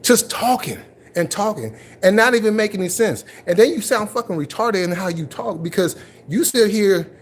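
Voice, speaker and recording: Husky, animated man ranting on a livestream. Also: sits high, moderate pace. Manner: confrontational, repetitive, mocking. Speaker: livestream host. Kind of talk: live stream commentary rant.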